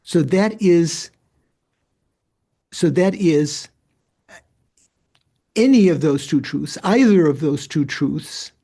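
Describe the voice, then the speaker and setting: Male teacher, mellow higher voice, reads and explains, halting delivery. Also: husky. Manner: halting, repeats words when restarting. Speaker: Buddhist teacher. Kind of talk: reading and explaining a text in class.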